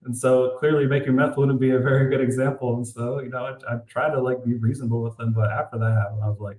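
A man's voice: mid-range voice, quick pace, hardly any pauses. A man being interviewed as an author, telling stories casually and animatedly, saying "like" a lot with a disbelieving tone. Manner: animated, says "like" often, incredulous. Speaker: author guest. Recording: roomy echo.

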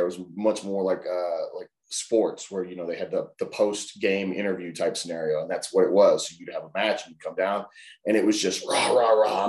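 A man telling animated stories as an interview guest, acting out other people's voices. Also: sits low, echoey room. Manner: animated, acts out voices in anecdotes. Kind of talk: casual storytelling in an interview.

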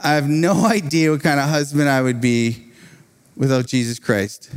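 A man preaching a sermon, telling a personal story in an animated way, often laughing between phrases. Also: medium pitch, moderate pace, clear, resonant tone.

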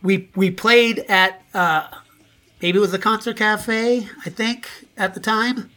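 High, bright-voiced man telling stories. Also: slow pace. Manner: profane, animated, acts out quoted dialogue. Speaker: guest musician. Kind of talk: casual storytelling interview.

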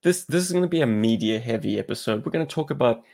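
A man's voice: mid-range voice, animated, quick pace, creaky, a little mellow. A South African man co-hosting a podcast, chatting casually and explaining things at length. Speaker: podcast co-host.

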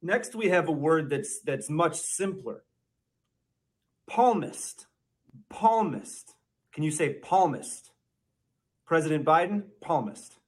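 A man narrating a mock language lesson, slowly sounding out made-up words. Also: a little high, expressive. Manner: slow, exaggerated spelling-out of made-up words.

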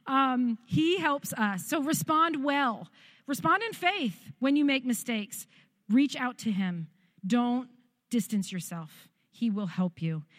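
A middle-aged woman pastor preaching a sermon, earnest and direct, with a practical, encouraging way of talking. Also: on the high side.

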